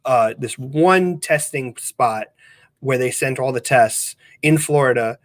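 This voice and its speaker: A man's voice: mid-range voice, takes it slowly, dry recording. A man co-hosting a podcast in casual chat, rambling along with lots of fillers and restarts. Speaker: podcast co-host.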